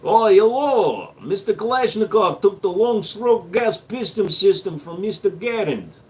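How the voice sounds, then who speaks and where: Guy doing a hammy russian accent, slow and mock-formal, slightly high voice. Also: lively intonation, a little mellow. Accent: put-on Russian.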